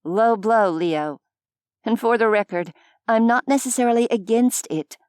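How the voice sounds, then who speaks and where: Vani comes across high and lively, an exasperated young mum who huffs and teases, voiced by a woman reading the audiobook. She talks quick and bright over a clean, dry studio sound. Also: clean tone, no room sound, lightly acted. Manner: animated, huffy, teasing. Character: young woman, a mother, exasperated but wry.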